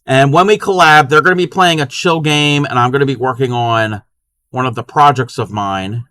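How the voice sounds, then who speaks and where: Brief: male crochet streamer, chatty and bright-voiced, dry mic. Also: medium pitch, normal speed, dry recording. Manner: chatty, counts stitches under his breath. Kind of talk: casual live-stream chat while crocheting.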